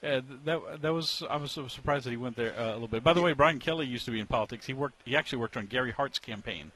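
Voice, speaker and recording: A man talking as a sports columnist in a relaxed conversation, offering candid opinions. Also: mid-range voice, fast. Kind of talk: casual conversation as a guest.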